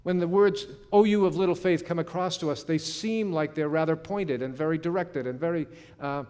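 A man's voice: fairly high pitch, darkish tone, clear, resonant tone. Earnest male pastor in a reverberant church. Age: middle-aged or older. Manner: earnest, slows for emphasis, some restarts. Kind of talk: sermon. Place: church sanctuary. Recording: long hall reverb.

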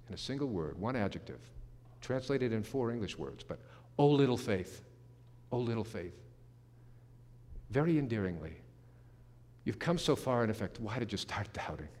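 A man's voice: fairly low pitch, expressive, darkish tone. Earnest male pastor in a reverberant church. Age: middle-aged or older. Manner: earnest, slows for emphasis, some restarts. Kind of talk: sermon. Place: church sanctuary. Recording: long hall reverb.

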